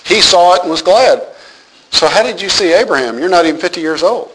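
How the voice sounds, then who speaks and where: A man's voice: sits high, animated, fairly quick, a bit bright, slight background noise, poor audio. A man teaching a Bible passage, reading verses aloud and explaining them with humor and rhetorical questions.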